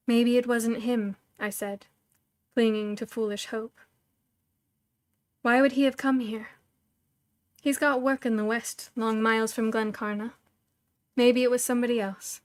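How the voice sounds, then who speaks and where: A woman's voice: fairly high pitch, flat delivery, a little slow, pauses often, no room sound, studio quality. A woman reading a novel aloud as a storyteller, expressively acting out each character's lines.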